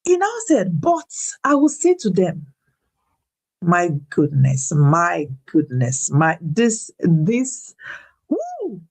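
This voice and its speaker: Animated woman giving a faith testimony. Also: takes it slowly, breathy edge. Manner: animated, preacherly, swings in pitch when retelling; laughs and repeats words when emphatic. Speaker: guest speaker. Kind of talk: faith-based personal testimony.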